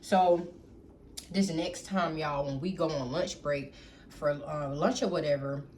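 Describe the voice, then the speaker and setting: A young adult woman telling a casual storytime to camera, animated and profane, who keeps talking straight to her audience as y'all. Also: sits low, unhurried. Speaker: storytime vlogger. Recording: faint background noise.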